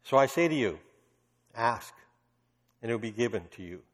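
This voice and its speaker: A man's voice: mid-range voice, lively intonation, moderate pace. A man preaching a sermon, telling stories emphatically with passionate bursts. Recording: long reverb of a large hall.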